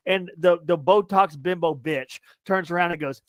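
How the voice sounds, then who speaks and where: A young man co-hosting a casual sports podcast, ranting loudly and profanely with a lot of repetition. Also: high-pitched, moderate pace, no echo. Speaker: podcast co-host.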